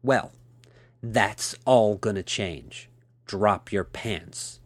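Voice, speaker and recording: A man's voice: on the low side, big pitch swings, normal speed, darkish tone, dry recording. A man voicing a cool, stern and commanding woman as he reads a story aloud, giving clipped orders.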